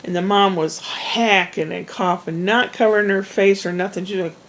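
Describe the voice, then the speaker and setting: This woman vlogger rambles through a long everyday story, chatty and prone to restarts and asides. Her mid-range voice keeps a steady tone at normal speed, and the low-quality recording carries slight background noise.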